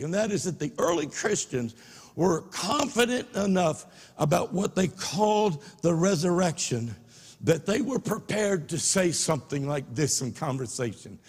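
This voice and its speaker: A man preaching a sermon, impassioned, swinging from soft asides to shouts. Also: high-pitched, slightly rough. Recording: long reverb of a large hall.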